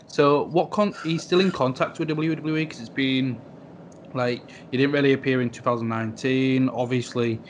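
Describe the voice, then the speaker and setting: Interview host, man, middle pitch, rambling questions, faint background noise. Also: steady tone, moderate pace. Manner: short backchannel replies, loose rambling questions.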